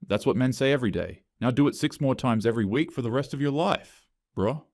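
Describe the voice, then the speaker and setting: A man's voice: mid-range voice, lively intonation, a little fast, a little mellow, no room sound, studio quality, voice pushed up, natural voice. A man voicing a blunt, teasing adult brother in a scripted story, speaking matter-of-factly.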